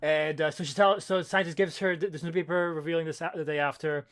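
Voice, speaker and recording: A man's voice: a little high, steady tone, quick pace, fairly bright tone, smooth. A man co-hosting a podcast, recapping a comic in a rambling, swearing way with many fillers and restarts. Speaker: podcast co-host. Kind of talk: casual chat recapping a comic.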